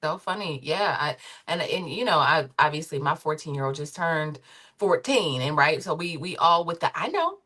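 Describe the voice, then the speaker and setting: A woman chatting on a podcast, telling stories about her teenage daughter in a playful, expressive way. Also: low voice, moderate pace. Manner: lively, expressive, playful storytelling. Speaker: podcast co-host. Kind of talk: casual podcast conversation.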